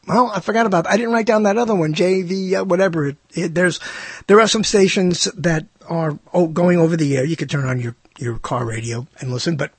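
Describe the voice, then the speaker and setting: An older man from New York with a New York accent, hosting a radio talk show in a rambling, self-mocking, theatrical monologue with a husky voice. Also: sits high, no room sound. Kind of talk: casual monologue.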